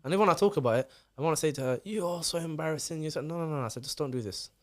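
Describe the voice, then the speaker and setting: Fast-talking dad. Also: male voice, a little high. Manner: fast, animated storytelling. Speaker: guest, father of four. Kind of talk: casual podcast chat.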